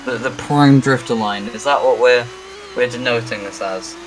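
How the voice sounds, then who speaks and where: A man giving casual, joking commentary on a sim race, often halting and poking fun at himself. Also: mid-range voice, low-quality recording. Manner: joking, self-deprecating, halting.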